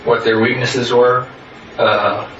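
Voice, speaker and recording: A man recounting events in a flat, halting voice with many pauses. He sounds far from the mic, with echo around him. The recording is muffled and faintly noisy. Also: medium pitch. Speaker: interviewee. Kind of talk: recorded interrogation statement. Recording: muffled, roomy, distant recording.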